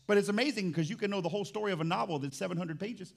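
A man preaches a sermon as pastor of a church, with a high voice and a gravelly texture. He talks to the congregation in a conversational, teasing way and swings between quiet asides and loud, emphatic lines. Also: racing, few pauses.

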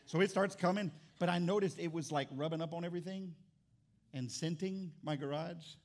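A middle-aged man preaches as pastor in a slightly high-pitched voice. He tells his story with comic animation, swinging from loud outbursts to quiet asides. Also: a little fast. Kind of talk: sermon with storytelling.

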